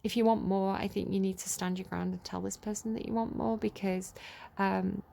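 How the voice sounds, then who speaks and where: A tarot reader with an English accent gives a casual, chatty reading, reading out card text and then riffing freely on it with frequent giggles. Her mid-range voice is creaky and mellow, with a flat delivery at normal speed.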